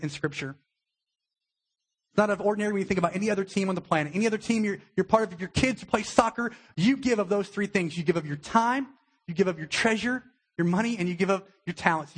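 A young adult man, a pastor, giving a conversational sermon with a husky voice and acted-out quotes. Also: sits high. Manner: conversational preaching with acted-out quotes, emotional at times.

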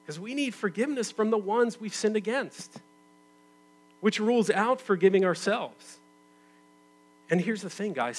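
A man in his thirties preaching a sermon as a pastor, conversational, moving from loud emphatic bursts to quiet, intimate stretches. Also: fairly high pitch, slight background noise, poor audio.

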